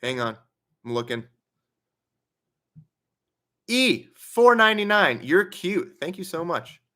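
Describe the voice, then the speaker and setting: A man's voice: high-pitched, sing-song, slow, bright, forceful tone. A young man hosting a casual livestream Q&A, reading donations aloud and chatting with a laugh in his stories. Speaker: livestream host.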